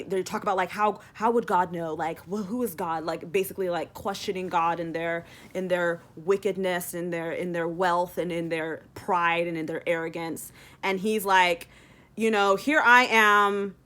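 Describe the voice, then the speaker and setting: A woman talking casually in a devotional vlog, rambling with many fillers and acting out her own complaints with sudden dramatic swings. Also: fairly low pitch. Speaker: Christian vlogger. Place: in Texas.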